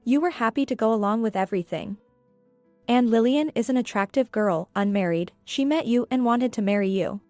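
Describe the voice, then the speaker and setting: A woman voicing a cold, smug male company boss who talks in a coolly taunting, measured way. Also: a little high, a little mellow, dry recording, faint music behind, close to an everyday voice. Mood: mocking.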